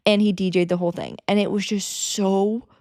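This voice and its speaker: A woman in her thirties telling a personal story in a chatty, excitable way with lots of fillers, as a podcast host. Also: medium pitch, moderate pace, no echo, studio quality. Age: 30s. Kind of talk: casual storytelling.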